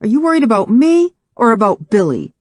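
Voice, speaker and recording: A man's voice: very high-pitched, big pitch swings, normal speed, a little mellow, no echo, voice pushed up, heavily acted. Guy doing a stressed-out young woman, voice pushed way up, pleading, super dry booth sound. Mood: defensive. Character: anxious young woman, fiery and affectionate. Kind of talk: audiobook character voice.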